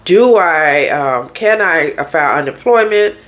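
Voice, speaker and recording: A woman's voice: sits low, animated, measured pace, a bit bright. A woman therapist and life coach talking candidly in a casual podcast monologue, firing off rhetorical questions to her listeners.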